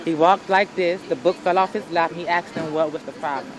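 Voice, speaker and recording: A woman's voice: on the low side, steady tone, brisk, low-quality recording. A woman eyewitness speaking in a news interview outdoors, insistently retelling what she saw. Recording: news clip with crowd noise. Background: crowd noise.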